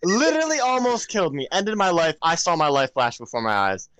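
A young man co-hosting a podcast, telling stories in a loud, animated way, full of swearing and laughter. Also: on the high side, a little fast, a little hiss or hum. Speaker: podcast co-host. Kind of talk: casual chat.

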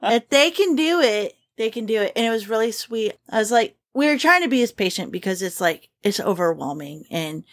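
A young adult woman from Louisiana, telling stories in an animated, chatty way with casual swearing. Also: fairly high pitch, fairly quick, few pauses. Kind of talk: casual chat.

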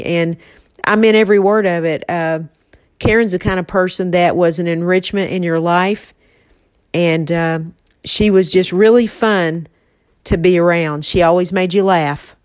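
A woman talking tenderly and reflectively about a late friend, choked up and halting at times. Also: fairly low pitch, dry recording, studio quality. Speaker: host remembering a late friend with her mother. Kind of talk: casual heartfelt conversation.

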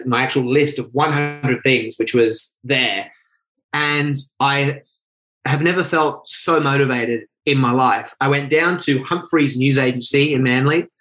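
A man tells a personal story as an interview guest. He talks in fast, lively bursts, often correcting himself mid-sentence. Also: medium pitch, low-quality recording. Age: 20s. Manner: animated, rapid storytelling with self-corrections.

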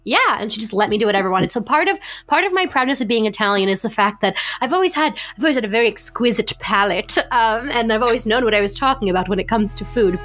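A woman's voice: fairly high pitch, expressive, fast talker, few pauses, fairly bright tone. Eager talkative woman guest. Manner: enthusiastic, talks at length. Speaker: podcast guest, actor. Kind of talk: casual chat.

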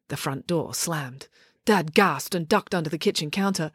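A woman narrating a children's story, with expressive, animated storytelling. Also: low-pitched, normal speed, breathy edge, no echo, studio quality. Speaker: audiobook narrator. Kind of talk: storybook reading.

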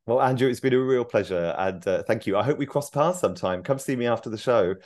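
A man's voice: mid-range voice, fast, a little mellow. A man, a playwright guest on a podcast, chatting in a friendly way and spelling things out carefully. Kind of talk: casual interview chat.

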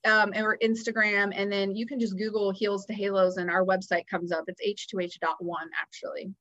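A woman guest on a podcast, telling a personal story in an earnest, animated way. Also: medium pitch, moderate pace, muffled recording. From Houston area, US. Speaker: guest, founder of a nonprofit.

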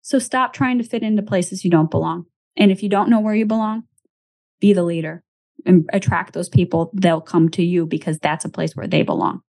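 A woman with a fairly low voice hosts a podcast conversation. She talks in an emphatic, motivational way, pressing her points and checking in with her guest. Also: brisk, creaky, darkish tone. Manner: emphatic, motivational, often tags lines with "right?". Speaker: podcast host. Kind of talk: casual chat.

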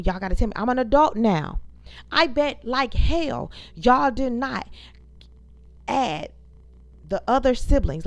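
A woman's voice: fairly high pitch, gravelly, no room sound. A woman, venting to viewers as host of her own casual talk show, emphatic and profane. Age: 30s. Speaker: podcast host. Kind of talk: casual storytelling rant.

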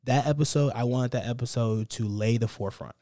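A young man talks a little fast in a mellow, medium-pitched voice, recorded dry on a close mic. Hosting his own podcast solo, he speaks unscripted and from the heart, upbeat, motivational and repetitive in tone.

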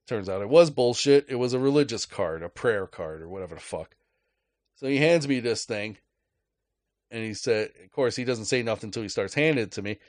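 A man's voice: on the low side, animated, a little fast, dry recording, studio quality. A man hosting a podcast, telling a story in a casual rant with a profane, sarcastic, joking manner. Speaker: podcast host.

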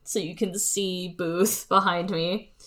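A woman playing a tabletop game, chatty and quick to laugh. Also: on the low side, fairly even intonation, fairly bright tone. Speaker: player. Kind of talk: tabletop role-play.

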